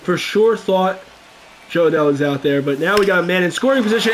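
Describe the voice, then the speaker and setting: Young dude with a high voice commentating his baseball game, casual, gets hyped and yells at big plays. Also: a little fast, background noise. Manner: excitable, bursts into loud cheering at big plays. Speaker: gaming YouTuber.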